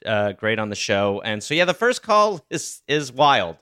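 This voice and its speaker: Bright, clear-voiced male podcast host. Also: mid-range voice, sing-song, measured pace, dry recording, studio quality. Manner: playful, teasing. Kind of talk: joking call-in podcast chat.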